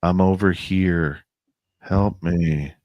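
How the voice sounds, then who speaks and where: A man imitating an inhuman voice in the woods that mimics a woman calling for help, in a flat monotone with no emotion. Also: deep voice, very slow, dry recording.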